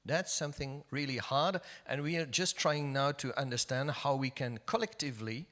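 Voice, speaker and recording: A man speaking on a conference panel, talking quickly and hesitantly with fillers. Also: mid-range voice, fairly bright tone. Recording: echoey conference hall.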